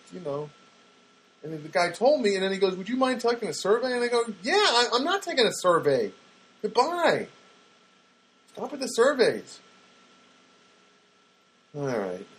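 A man with a fairly high, breathy voice rambles excitedly about everyday happenings, repeating himself a lot and imitating the voices of other people. The audio quality is poor.

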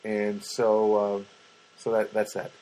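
A man's voice: on the low side, slow, rough recording. A man hosting his own podcast, telling a meandering personal story with many restarts, recorded in a studio apartment. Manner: animated, meandering, self-interrupting. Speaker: podcast host. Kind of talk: rambling personal monologue.

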